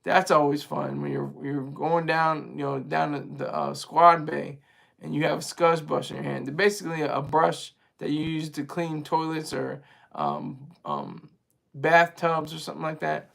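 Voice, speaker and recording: A man's voice: a little high, moderate pace, creaky, fairly bright tone. A man hosting a livestream, talking casually with his viewers in a rambling, chatty way and laughing easily. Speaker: livestream host reading viewer chat.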